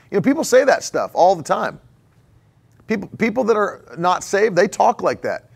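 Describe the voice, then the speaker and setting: A pastor delivering a relaxed, chatty sermon in a fairly high voice. He is a man who hammers points home by repeating them and laughs easily along the way. His tone stays conversational, not stiff. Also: fairly quick, gravelly, breathy edge. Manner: conversational, repeats phrases for emphasis; chuckles often while preaching.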